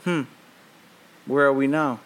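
A man quoting his blunt, deadpan wife. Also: mid-range voice, slow pace. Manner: flat and matter-of-fact.

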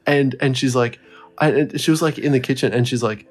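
A man's voice: medium pitch, fairly quick, faint music behind. Rambling, swearing man. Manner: rambling, heavy swearing, laughs through the story. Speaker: podcast co-host. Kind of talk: casual storytelling chat.

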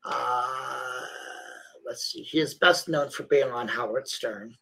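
A man co-hosting a casual live-stream chat, reading things out in a deadpan, unimpressed way. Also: medium pitch, slow pace, creaky, a little hiss or hum, low-quality recording. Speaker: co-host.

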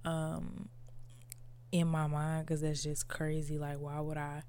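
A woman's voice: low-pitched, completely flat delivery, slow, mellow, slight background noise. A woman podcast host talking casually and candidly about her inner life, with lots of "like" and "you know". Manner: reflective, candid, many fillers like "like" and "you know". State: tearful at times. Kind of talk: casual personal monologue.

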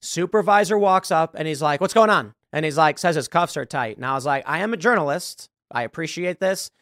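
A man's voice: a little high, animated, a little fast, a bit bright, no echo, studio quality. A man hosting a podcast, telling a long story and acting out the dialogue. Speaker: show host. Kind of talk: podcast monologue.

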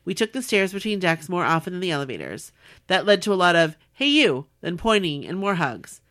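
A woman podcast host in casual chat, reading a listener's letter aloud with animated warmth. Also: lowish voice, a little fast. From Southern California. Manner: warm, animated reading with laughs.

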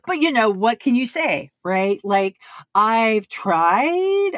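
Animated woman voice actor telling stories. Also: a little high, slow pace, no echo, studio quality. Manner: animated, acts out other people's lines in quotes. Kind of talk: casual storytelling to camera.

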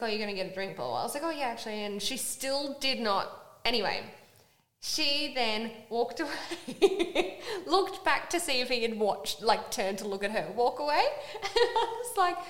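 A young Australian woman co-hosting a podcast, telling a story in an animated way with swearing and laughter. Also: fairly high pitch, moderate pace. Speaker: podcast co-host. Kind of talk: casual chat. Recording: echoey room.

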